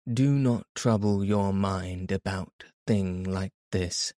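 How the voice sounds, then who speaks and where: A man's voice: sits low, takes it slowly, warm tone, dry recording, studio quality. A man doing a stern cold chaperone. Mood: firm. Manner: firm, dismissive. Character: stern older female chaperone, cold and firm.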